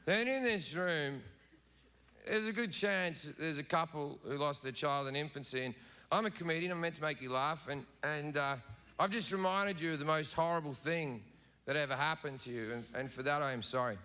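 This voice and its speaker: A man's voice: on the high side, normal speed, sharp tone, smooth. A middle-aged man doing a profane, provocative stand-up routine on a big stage. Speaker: stand-up comedian. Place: large theater stage. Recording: noisy live venue recording.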